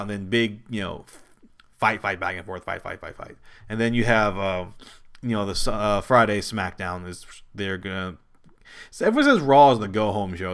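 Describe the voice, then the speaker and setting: A man hosting his own wrestling show, talking casually and at length, with many restarts and sudden high jumps in pitch when he quotes people. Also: gravelly. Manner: rambling, animated, quick pitch jumps when quoting. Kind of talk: casual solo commentary.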